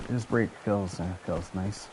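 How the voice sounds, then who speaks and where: A man's voice: fairly low pitch, noisy background. A French Canadian man whose first language is French, giving chatty, rambling gameplay commentary with casual swearing. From Quebec, Canada. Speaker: gaming channel host.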